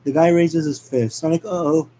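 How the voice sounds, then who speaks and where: A man reading a movie script aloud as narration, halting and stumbling over words as he goes. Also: on the high side, fairly even intonation, mellow, a little hiss or hum, low-quality recording. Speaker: script reader. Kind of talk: amateur script read-aloud.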